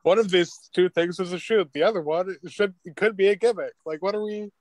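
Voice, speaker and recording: A man's voice: high voice, quick pace, darkish tone, no echo. A man making brief, wry remarks in a casual podcast chat.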